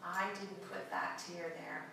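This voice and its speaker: A woman voicing God as a patient male creator in a read-aloud story, with a slow, expressive delivery, recorded from far off in an echoey room. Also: fairly low pitch, vocal fry, a little hiss or hum, full character voice. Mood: somber.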